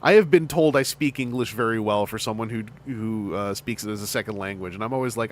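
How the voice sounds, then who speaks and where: A man's voice: fairly low pitch, fairly quick, a little hiss or hum. A man hosting a podcast, chatting casually in a rambling, joking way. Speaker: podcast host. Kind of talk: casual chat.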